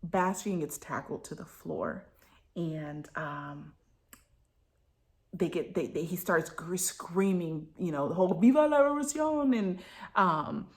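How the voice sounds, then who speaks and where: Excitable woman gushing over a book. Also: deep voice, slow. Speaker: book review vlogger. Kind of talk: casual book recap chat.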